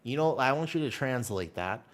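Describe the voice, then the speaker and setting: A man chatting casually with his viewers while streaming a game, telling stories in an animated way. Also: medium pitch, moderate pace.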